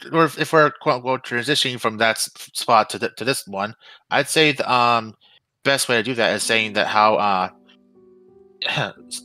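A man on a casual voice-training podcast, talking in halting starts and restarts. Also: medium pitch, sharp tone, no room sound, rough recording. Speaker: podcast co-host. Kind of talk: casual chat.

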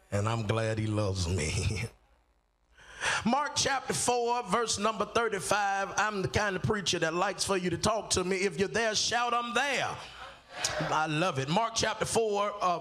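As a guest pastor at a church service, a high-voiced man preaches emphatically and repetitively. He draws out key words, builds to shouts, and calls on the congregation to answer him in call and response.

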